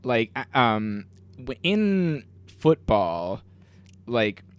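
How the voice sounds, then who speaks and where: A man's voice: mid-range voice, sing-song, very slow, smooth. Young man, podcast co-host. Laid-back talker who uses a lot of fillers. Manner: laid-back, explains things with many fillers. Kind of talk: casual chat.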